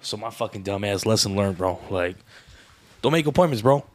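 A man's voice: lowish voice, brisk. A man who is a father, chatting casually as a podcast co-host, swearing freely, tacking "bro" onto every phrase and acting out voices in his stories. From Mexican heritage. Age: adult father. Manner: profane, peppers speech with "bro"; animated storyteller, acts out voices with laughter. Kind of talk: casual chat.

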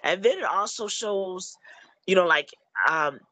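A man's voice: high voice, unhurried, sharp tone, no room sound, low-quality recording. A man talking about the movie he made in a casual chat, rambling with lots of "you know" and restarts. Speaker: filmmaker discussing his movie.

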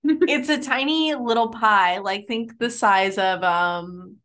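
A woman's voice: mid-range voice, slow pace, fairly bright tone. A young woman co-hosting a podcast, chatting casually and giggling, with lots of "like" fillers. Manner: giggly, chatty, says "like" a lot. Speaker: podcast co-host. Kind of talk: casual chat.

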